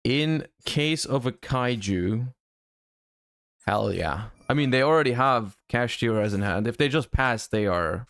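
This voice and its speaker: A man streaming a card game live, thinking his plays through out loud, with sudden excited outbursts. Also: medium pitch, unhurried, dry recording, studio quality. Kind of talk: live-stream gameplay commentary.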